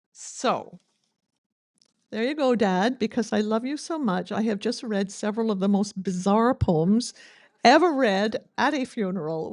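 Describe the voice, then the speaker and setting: An actress playing a grieving daughter who reads her late father's odd poems at a funeral in a deadpan, earnest manner. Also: medium pitch, no echo, studio quality. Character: eccentric woman reading her late father's begging poems. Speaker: bereaved daughter giving a eulogy. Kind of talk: scripted comedic funeral reading.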